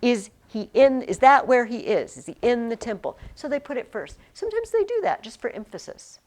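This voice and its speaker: A woman's voice: fairly high pitch, wildly swooping pitch, normal speed, darkish tone. A woman teaching a Latin class to students, chatty and emphatic, with frequent fillers and restarts. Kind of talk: classroom lesson.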